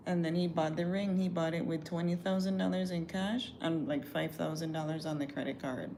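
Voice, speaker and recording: Woman, low gravelly voice, animated profane storytelling, livestream, faint background hiss. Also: a little fast. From Caribbean. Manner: animated, profane, chatty, acts out quotes.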